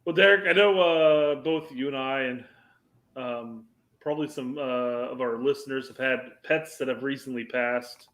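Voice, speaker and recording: A man's voice: medium pitch, moderate pace, fairly bright tone, reverberant. A man co-hosting a podcast in casual chat, joking and profane, often restarting his sentences. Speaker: podcast co-host.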